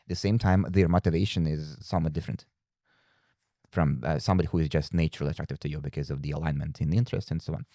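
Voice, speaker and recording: A man with an extremely deep voice and a gravelly edge hosts a relaxed podcast conversation. He hesitates and restarts his sentences often. The sound is dry and close. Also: very fast, dry recording. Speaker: podcast host. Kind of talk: casual chat.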